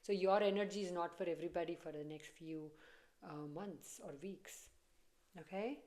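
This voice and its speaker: A woman's voice: on the low side, normal speed, a little mellow. A woman giving a casual tarot reading, chatty and repetitive, often breaking into laughter. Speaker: tarot reader.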